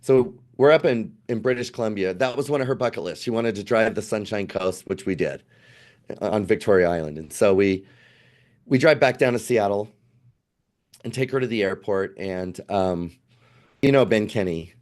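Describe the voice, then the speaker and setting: A man in his fifties, a podcast guest telling a family travel story in a casual, animated way, acting out what people said. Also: lowish voice, normal speed. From United States. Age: 50s.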